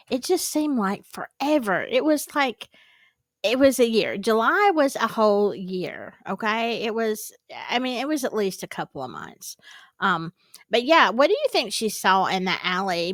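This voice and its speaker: A woman's voice: mid-range voice, fairly bright tone, no echo. A woman hosting a casual reaction video, talking in a chatty, rambling way with plenty of fillers and restarts. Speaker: host.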